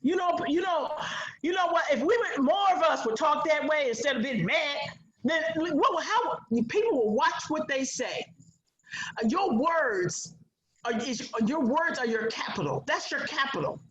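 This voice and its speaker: A middle-aged woman, a guest on an interview show, telling stories with animated, emphatic delivery. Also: high voice, normal speed, reverberant, highs cut off. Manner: animated, emphatic, acts out quotes. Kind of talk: interview storytelling.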